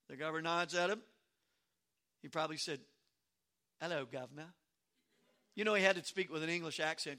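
Preacher guy, high bright voice, reads verses then riffs on them, animated. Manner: animated, reads scripture aloud then comments with sarcastic asides. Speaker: pastor. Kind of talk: expository sermon.

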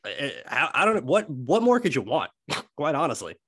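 A man co-hosting a sports podcast, breaking down football technique in emphatic, animated casual chat. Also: on the high side, moderate pace, breathy edge, no room sound.

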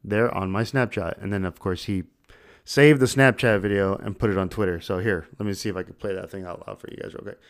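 Man, podcast host, casual rambling storyteller, fairly low voice. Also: fast talker, clean tone. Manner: loose, laughing storyteller with lots of fillers. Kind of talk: casual chat.

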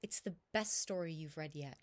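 A woman's voice: deep voice, moderate pace, voice pushed down, close to an everyday voice. A woman doing an eager, stubborn little boy. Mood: earnest.

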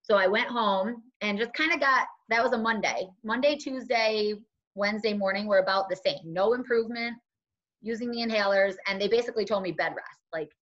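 A woman's voice: medium pitch, fairly quick. Woman telling a story on a dull recording. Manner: animated, acts out other people's lines. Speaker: guest telling her story. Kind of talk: casual conversational storytelling.

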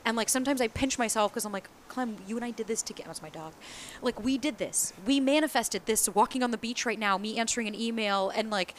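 Fast-talking candid woman in casual chat. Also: a little high, slight background noise. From East Coast of the US. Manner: candid, animated, swears freely, acts out quoted voices. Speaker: small business founder. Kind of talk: casual podcast conversation.

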